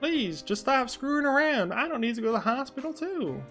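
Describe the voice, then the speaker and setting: Man doing a high-voiced, pleading male hostage, worn out by his captors. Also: big pitch swings, brisk, pushed and bright, faint music behind, heavily acted.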